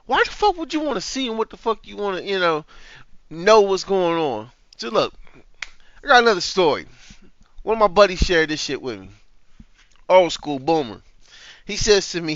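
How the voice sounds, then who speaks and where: A man's voice: fairly high pitch, fairly bright tone, no echo, muffled recording. A man hosting a reaction video, talking in a heated, profane, casual way.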